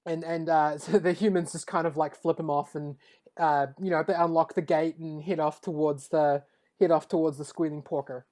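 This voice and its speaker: A woman running a tabletop game as game master, relaxed and hesitant, with lots of fillers. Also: low-pitched, moderate pace.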